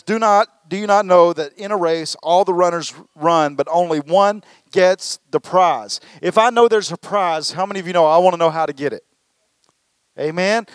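A man preaching a sermon as pastor, animated and calling on the congregation to respond. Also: sits high, dry recording, studio quality. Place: church service.

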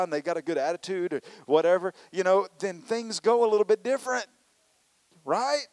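Higher-voiced male pastor, dry close sound. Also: moderate pace, darkish tone, no room sound. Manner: conversational preaching with many "you know" fillers and acted-out complaints. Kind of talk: sermon.

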